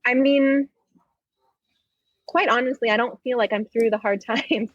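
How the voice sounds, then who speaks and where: A woman in her thirties, a podcast guest, retelling a painful personal story in a halting, heartfelt way. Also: on the high side, steady tone, no echo, lo-fi sound.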